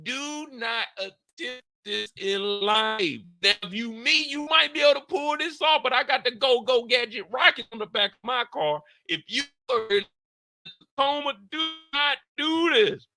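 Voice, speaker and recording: Man, reaction commentary, profane, squealing impressions, high-pitched, dry close sound. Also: moderate pace, no echo. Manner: animated, profane, acts out scenes in high squeals and shouts.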